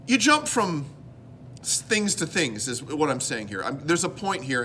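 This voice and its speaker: A man's voice: fairly high pitch, very animated, measured pace, bright, forceful tone, slight background noise. A man from Canada hosting his own vlog, talking playfully to camera with rambling asides and silly noises. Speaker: vlogger and show host. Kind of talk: casual chat to camera.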